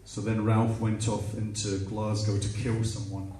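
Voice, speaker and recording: A man's voice: on the low side, little pitch movement, moderate pace, mellow, a little hiss or hum. A man on stage in a live music club, telling a story between songs in a wry, chuckling way and acting out the other people's voices. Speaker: singer-songwriter on stage. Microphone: stage mic, filmed by a smartphone in the audience. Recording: echoey club sound captured from far off.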